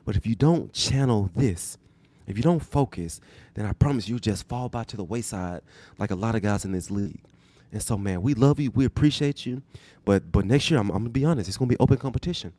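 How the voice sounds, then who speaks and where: An earnest older football head coach reassures his players in a measured, fatherly way, as a man impersonates him, his voice sitting low and dry. The delivery is sincere rather than showy. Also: warm tone, no room sound, close to an everyday voice. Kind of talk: impression in a podcast bit.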